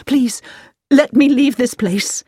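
A frightened young woman pleads urgently and desperately, as a woman reads her aloud in a story. Her voice swings widely in pitch. The recording is dry and close. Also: lively intonation, unhurried, breathy edge, no echo. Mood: desperate pleading.

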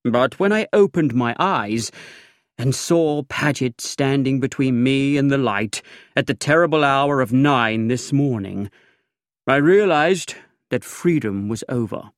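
Brief: male audiobook reader, unhurried and dry, close and dead-sounding recording. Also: medium pitch, animated, no room sound. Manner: languid, dry, measured first-person reading. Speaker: audiobook narrator. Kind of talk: scripted narration.

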